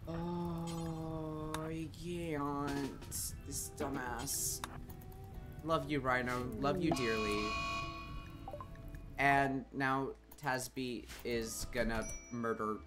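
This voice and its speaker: A man's voice: mid-range voice, fairly even intonation, extremely slow, over loud music. Chatty man streaming a colony game. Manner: chatty, exasperated, swears then apologizes. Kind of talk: casual gameplay commentary.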